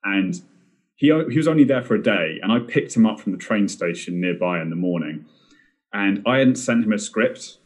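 A man's voice: fairly low pitch, expressive, normal speed. A young man chatting casually on a podcast, rambling and self-deprecating with plenty of fillers and restarts. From Britain. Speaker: film director and podcast guest.

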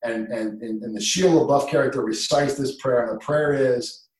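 Male storyteller, former school dean, lively and dramatic, heard in a roomy space from a distant mic. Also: mid-range voice, moderate pace. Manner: animated storyteller, swings from hushed to shouting. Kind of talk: casual storytelling in conversation. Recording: echoey room, distant mic.

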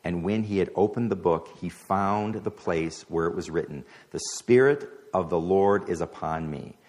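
Deep-voiced man teaching through scripture. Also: normal speed, darkish tone. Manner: reads scripture aloud, then explains it conversationally. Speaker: Bible teacher. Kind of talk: sermon-style Bible teaching.

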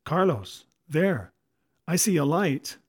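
A man's voice: fairly high pitch, big pitch swings, takes it slowly, breathy edge, no echo, clean studio sound, voice pushed up, exaggerated voice. A man voicing a young woman at sea, the sailor's fiancée, with a raised, alarmed voice. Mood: excited.

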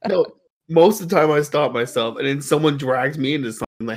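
A man's voice: mid-range voice, rapid-fire, slight background noise. A young man from a small town, chatting casually with crude, self-mocking jokes and frequent laughs. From small-town Oklahoma or Texas. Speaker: podcast co-host. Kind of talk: casual chat.

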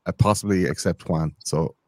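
A man's voice: sits low, normal speed, darkish tone, no echo. A man guesting on a podcast, rambling through sarcastic, crude jokes. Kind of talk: crude casual banter.

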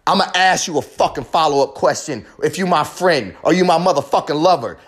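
A man's voice: a little high, expressive, brisk, hardly any pauses. A man delivering a confessional monologue in a heated, profane, emphatic rant, hammering home short repeated phrases.

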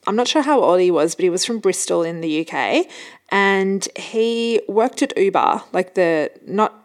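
Woman host, casual solo podcast chat, chatty storyteller, mid-range voice, laughs easily. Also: medium pitch.

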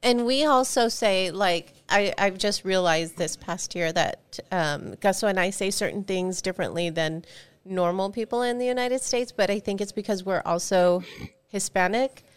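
A woman's voice: mid-range voice, moderate pace, clear, resonant tone. A woman from Texas co-hosting a podcast, chatting playfully and laughing often. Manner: giggly, playful. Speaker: podcast co-host. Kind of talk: casual chat.

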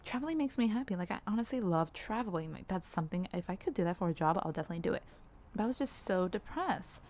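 A young woman talking candidly in a personal vlog, rambling a little, with frequent "like"s and soft laughs. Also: fairly low pitch, lively intonation, fast talker, a little hiss or hum. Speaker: vlogger.

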